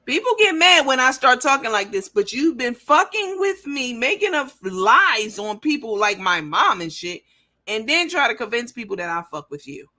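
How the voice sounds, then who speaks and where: A woman's voice: on the high side, normal speed. Blunt, profane woman hosting a livestream. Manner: animated and lively. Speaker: livestream show host. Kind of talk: casual livestream chat, reading viewer comments.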